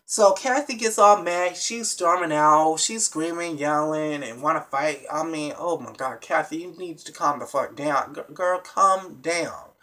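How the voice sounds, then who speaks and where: A vlogger recapping a reality TV episode in a casual, animated and blunt way, with plenty of swearing, talking straight to the viewers. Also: medium pitch, measured pace, hardly any pauses. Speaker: TV show reviewer.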